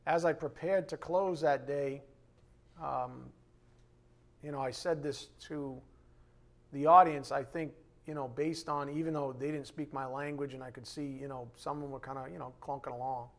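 A man teaching a bible lesson, emphatic, slowing down to read scripture aloud and dropping to quiet asides. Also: medium pitch, fairly even intonation.

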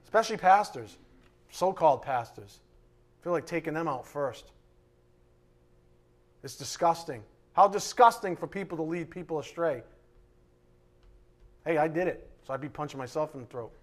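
A man preaching a sermon in a church, his voice sitting a little high for a man. He delivers it with fiery emphasis and pointed rhetorical questions. He sounds like a pastor pressing hard on his congregation. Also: lively intonation, moderate pace, long pauses. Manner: fiery, emphatic preaching, shifting to a quiet hushed prayer.

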